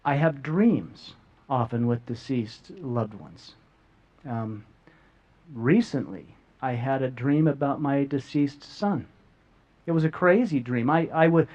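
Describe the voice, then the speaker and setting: A middle-aged man earnestly sharing a personal story as a guest, often repeating words as he goes. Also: fairly high pitch. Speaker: guest speaker. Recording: dull lo-fi audio.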